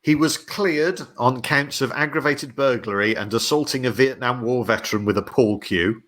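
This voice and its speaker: A man co-hosting a comedy podcast, telling football history in a dry, steady storytelling manner. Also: mid-range voice, normal speed. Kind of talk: casual podcast chat.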